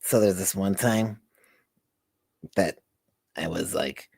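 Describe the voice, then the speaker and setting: A man's voice: low voice, slow pace, vocal fry, long pauses, darkish tone, slightly rough, dry recording. A man chatting as a guest on a podcast, rambling playfully and stammering as he talks. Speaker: guest co-host. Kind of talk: casual chat.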